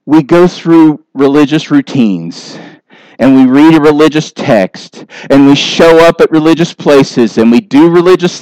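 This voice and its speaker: A man preaching a sermon in a high, unhurried voice. His tone is smooth and clear, and the recording is dry and close with no room sound. He acts out people's words in short, lively asides. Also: dry recording, rough recording. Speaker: pastor.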